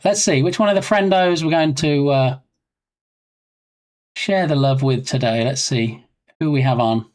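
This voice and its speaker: A man chatting casually on a live game development stream, rambling and self-mocking. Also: a little high.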